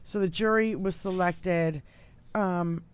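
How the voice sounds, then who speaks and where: An American woman co-hosting a political talk show, chatting casually, swearing freely and breaking into loud laughter. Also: fairly low pitch, slow pace, clear, resonant tone. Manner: profane, laughs loudly, animated. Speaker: podcast co-host.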